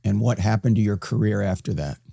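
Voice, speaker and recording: A man's voice: lowish voice, brisk, gravelly, warm tone, no room sound, studio quality. A man hosting an interview, asking brief, direct questions. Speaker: host.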